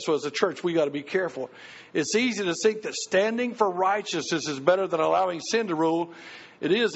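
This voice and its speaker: Husky middle-aged pastor preaching. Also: male voice, fairly high pitch. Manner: folksy storytelling, earnest. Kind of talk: sermon. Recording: dull lo-fi recording.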